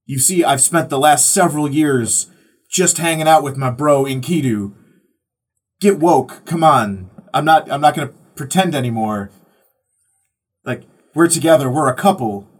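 A man's voice: on the high side, moderate pace, lightly acted. A man voicing Gilgamesh as a pushy young man who talks in modern slang. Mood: insistent. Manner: slangy and insistent.

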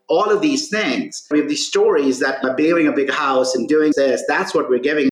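Earnest male podcast guest in roomy echo. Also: mid-range voice. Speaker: guest, author and consultant. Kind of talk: conversational podcast storytelling.

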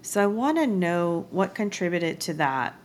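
Woman hosting a podcast, friendly chatty, a bit low-pitched. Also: very animated, unhurried. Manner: friendly, conversational, asks questions. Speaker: podcast host. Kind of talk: casual interview chat.

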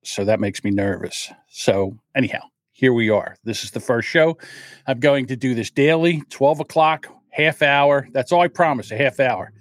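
A man's voice: medium pitch, moderate pace, no echo. An older man talks on his own livestream, wandering from thought to thought and poking fun at himself while admitting his nerves. His voice sits in an ordinary middle range. The sound is dry and close, with no room behind it. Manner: rambling, self-deprecating, openly nervous. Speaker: podcast host. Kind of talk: solo livestream chat.

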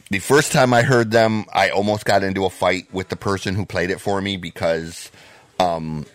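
Podcast co-host, man, low dry voice, heated profane rants. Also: dry recording. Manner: heated, profane, bursts into loud shouting. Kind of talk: profane ranting podcast chat.

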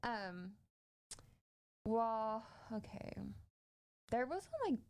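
A woman's voice: on the high side, lively intonation, extremely slow, darkish tone, clear, resonant tone. A woman hosting a podcast, casually telling a creepy story with lots of fillers. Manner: chatty, many fillers, laughs easily. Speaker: podcast host.

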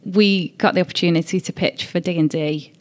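A woman's voice: fairly low pitch, fairly even intonation, brisk. A woman with a Scouse accent, talking casually as a guest in an interview and recalling her career with plenty of fillers. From Liverpool, England. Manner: chatty, warm-hearted storytelling with many fillers. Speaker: interview guest, agency director.

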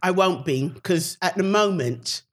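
Animated woman comedian storytelling. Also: a little slow. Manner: animated storyteller, acts out quotes with big pitch jumps. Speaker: comedian guest. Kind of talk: casual podcast chat.

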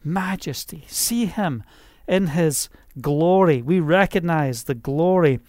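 A man's voice: fairly high pitch, slow pace, a little mellow, no echo, studio quality. A man preaching an informal online sermon, rambling and conversational, with many fillers and restarts.

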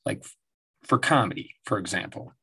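A podcast host in his forties rambles through stories at home in a casual, profane monologue, laughing often. His voice is fairly low, expressive, fairly quick, sharp in tone, and slightly rough.

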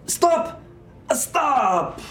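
A man's voice: sing-song, drawn-out words, fairly bright tone, reverberant, full character voice. A man voicing a panicking tavern owner who screams in a muddled put-on accent. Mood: screaming. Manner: shrill, screaming in distress.

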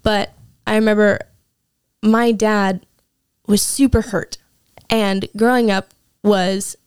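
Young woman guest telling her testimony, earnest and emotional, smooth clear voice, dry close sound. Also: mid-range voice, little pitch movement, takes it slowly, a little mellow, no room sound. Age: young adult. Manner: earnest, emotional, frequent "like" fillers. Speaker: interview guest, Bible school student. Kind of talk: personal testimony in conversation.

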